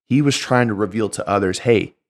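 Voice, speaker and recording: A man's voice: on the low side, a little fast. A man hosting a show and giving a casual Bible teaching, talking conversationally with frequent restarts and asides. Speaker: host.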